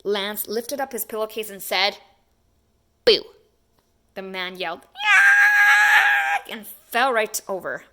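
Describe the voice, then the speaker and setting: A woman reading a children's picture book aloud in an expressive, animated way. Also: medium pitch, moderate pace, hardly any pauses, shouting. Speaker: children's story reader. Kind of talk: storybook read-aloud.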